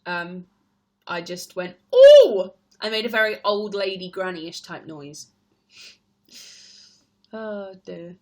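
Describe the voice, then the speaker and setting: A woman's voice: lowish voice, normal speed, pushed and bright. A young woman with an English accent, chatting on a live stream, reading out viewers' questions and laughing often. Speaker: stage performer live-streaming to fans. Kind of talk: casual live-stream chat answering comments.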